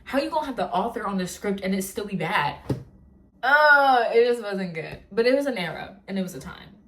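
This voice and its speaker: A young woman vlogging in casual chat, talking in an animated, rambling rant full of filler words. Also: mid-range voice, fairly quick, a little hiss or hum.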